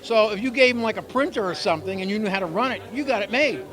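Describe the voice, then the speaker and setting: A man with a high voice hosts a local TV segment on location at a busy exhibition opening. He talks in a chatty, joking way, wanders into asides, and speaks into a handheld mic. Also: lively intonation, fast, a crowd in the background. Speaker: local TV show host. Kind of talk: casual on-location interview.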